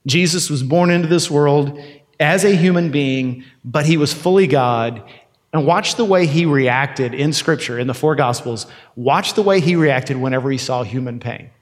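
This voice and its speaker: Preacher in a reverberant hall. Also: male voice, on the high side. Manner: conversational preaching with dramatic quoted asides. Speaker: pastor. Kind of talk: sermon.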